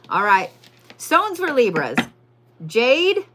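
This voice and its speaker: Brash, animated woman. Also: medium pitch, normal speed, noisy background. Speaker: tarot and zodiac reader, livestream host. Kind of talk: live-stream tarot reading, casual and profane.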